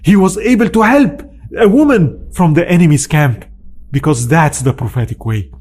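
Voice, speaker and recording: A man's voice: fairly high pitch, animated, moderate pace, a little mellow. A man lecturing on history in an earnest, storytelling manner, stressing points by repeating them. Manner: earnest, emphatic, with repetition.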